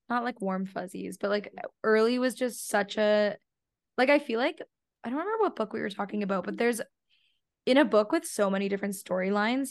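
A woman's voice: mid-range voice, dry recording. Gushing young woman, dry close sound. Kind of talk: casual book-podcast chat.

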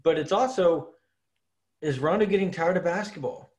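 A man co-hosting a casual sports podcast, laying out his points with long, relaxed examples. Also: on the high side, moderate pace. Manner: laid-back, argues with long examples. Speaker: podcast co-host.

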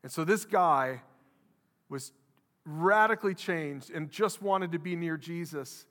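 A man preaches in a lively, animated way, slipping into quoted voices as he goes. His voice sits a little high and sounds sharp and bright. A long reverb from a large church hall trails after every word. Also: slow. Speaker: pastor. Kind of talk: sermon.

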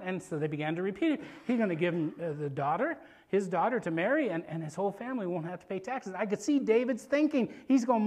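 A male preacher in a sermon, retelling a scripture story in an animated, conversational way. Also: sits high, fast talker.

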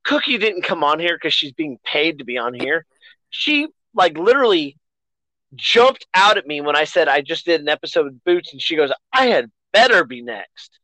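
A podcast host chats casually in loose, rambling stretches, often making fun of himself, with a very animated, pushed and bright delivery at normal speed. His pitch jumps around a lot. The sound is close and dry, with no room echo.

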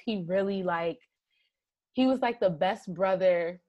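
A woman's voice: fairly low pitch, takes it slowly, a little mellow, highs cut off. A woman in her thirties, a guest in an interview, earnestly telling a personal story with many "like" fillers. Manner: earnest, heartfelt, frequent "like" fillers.

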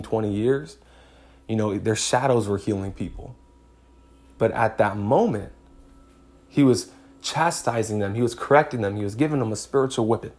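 A man's voice: lowish voice, a little mellow. A man hosting a faith podcast, preaching in an emphatic way, repeating phrases and chuckling as he goes. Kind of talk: sermon-style podcast talk.

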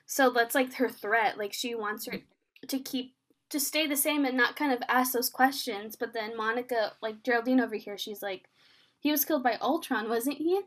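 A young woman with a high, light voice talks through a TV episode with a friend. She acts out each character's lines as she goes. Her speech is loose and chatty, with plenty of fillers. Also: moderate pace. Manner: excited, filler-heavy retelling, acts out the scenes in quoted voices. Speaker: podcast co-host recapping a TV episode. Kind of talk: casual chat.

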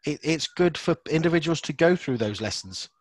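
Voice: medium pitch, expressive, normal speed, no echo. A British podcast host giving short responses and comments in an interview. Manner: brief back-channel responses.

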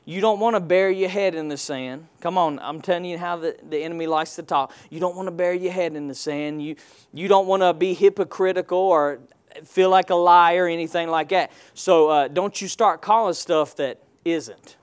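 A man's voice: high voice, normal speed, smooth. A man preaching a sermon in a church, using call-and-response and rhetorical questions. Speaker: pastor.

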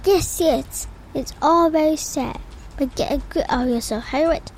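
A woman reading a storybook aloud, voicing a stern older female professor who speaks in a brisk, urgent way. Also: high-pitched, slight background noise.

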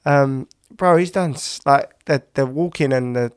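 A man's voice: medium pitch, a little slow, clear, resonant tone. A man, co-hosting a casual podcast chat, telling rambling stories full of fillers and restarts. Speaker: podcast co-host.

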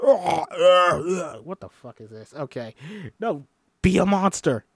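A man's voice: a little high, moderate pace, no echo. A man doing a solo table read of a film script, reading the stage directions and voicing every part himself. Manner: reads stage directions and voices all parts himself, animated. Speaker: script reader.

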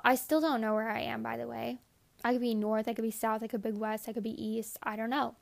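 A woman's voice: a little high, level tone, moderate pace, creaky, darkish tone. A young adult woman telling a candid, profane story in a casual monologue. She rambles, says "like" often and acts out her own thoughts in quotes.

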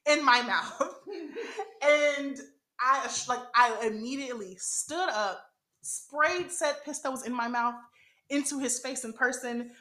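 A young adult woman hosting a podcast, telling a profane story in casual chat, animated and laughing often. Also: sits high, slow pace, echoey room. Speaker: podcast host.

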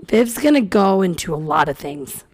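This is a woman in her thirties, talking in a relaxed co-hosted chat. Her voice has a middle pitch. She is chatty and animated, and she acts out family stories by quoting what people said. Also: normal speed. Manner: chatty, animated retelling, quotes people in dialogue. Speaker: podcast co-host. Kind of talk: casual chat.

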